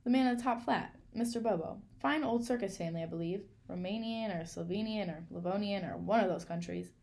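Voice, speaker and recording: A woman reading aloud and voicing a kindly, gossipy elderly woman neighbor who rambles in a soft, confiding way. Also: medium pitch, fairly quick, lightly acted. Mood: chatty.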